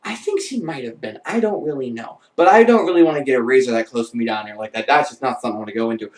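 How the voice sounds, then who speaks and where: A man telling a comic anecdote in an animated way, breaking into squealing voices. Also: medium pitch, very fast, recorded from a distance. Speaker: vlogger. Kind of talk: comedic storytelling. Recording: echoey room, voice off-mic.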